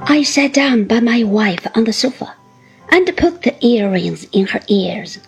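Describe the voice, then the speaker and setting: Woman narrator, reading aloud, husky, lively intonation, faint background music. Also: fairly high pitch, low-quality recording. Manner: expressive, measured storytelling. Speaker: reader.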